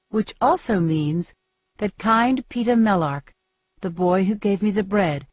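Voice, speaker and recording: A woman narrating an audiobook in first person, with measured, steady storytelling. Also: medium pitch, husky, dry recording. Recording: dry, dull muffled recording.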